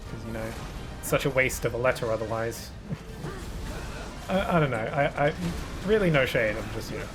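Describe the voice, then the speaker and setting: A British man chatting away on a live gaming stream, rambling and often restarting his sentences. His voice sits at an ordinary middle pitch, with faint game music underneath. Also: animated, normal speed. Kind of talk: casual live-stream chat while gaming.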